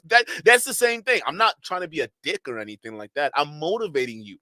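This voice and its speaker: A man's voice: fairly high pitch, very animated, a little fast, bright, forceful tone, no echo. A man giving sarcastic, mocking reaction commentary on another streamer, laughing often and stretching out his slang.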